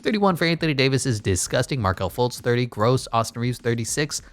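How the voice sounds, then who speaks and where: A man's voice: mid-range voice, lively intonation, fast talker, no room sound. A man giving casual, blunt commentary while playing a basketball management game, full of wry asides. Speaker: gaming YouTuber.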